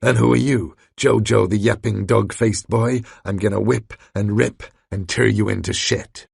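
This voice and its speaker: A man's voice: fairly low pitch, fairly even intonation, moderate pace, gravelly, a little mellow, husky, dry recording, studio quality, exaggerated voice. A man voicing a brutish, crude male fish-monster who spits out threats in a storybook reading. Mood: taunting.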